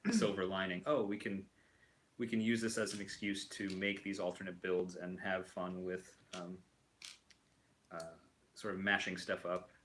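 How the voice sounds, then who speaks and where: A man's voice: sits low, level tone, moderate pace, a bit bright, slight background noise, rough recording. A man hosting a casual chat while building a toy kit, rambling with lots of fillers and restarts. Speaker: host.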